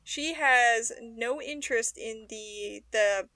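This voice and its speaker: A woman's voice: on the high side, no echo. A young woman co-hosting a podcast, chatting casually and laughing easily as she recaps a TV episode. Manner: chatty, animated, quick to laugh. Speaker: podcast co-host.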